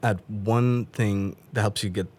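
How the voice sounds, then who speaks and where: Fast-talking man with a lowish voice. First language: Dari. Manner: quick, animated, laughs often. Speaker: podcast guest. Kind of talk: casual interview chat.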